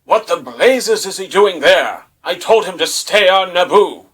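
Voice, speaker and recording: A man voicing an exasperated older male Jedi mentor, speaking indignantly and slowly. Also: sits high, animated, fairly bright tone, breathy edge, voice pushed up, heavily acted.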